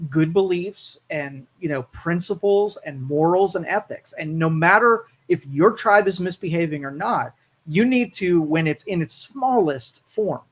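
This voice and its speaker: A man co-hosting a live talk radio show, blunt and moralizing as he weighs in and reads listener comments aloud. His voice sits somewhat higher than most men's.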